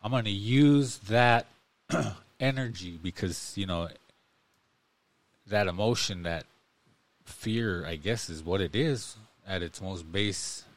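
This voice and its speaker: A man with a fairly low voice chats casually as a podcast co-host. He wanders through his thoughts with plenty of fillers but stays earnest and encouraging. The sound is dry, with no room around him. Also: takes it slowly, no echo. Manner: rambling, heavy on fillers like "like, man".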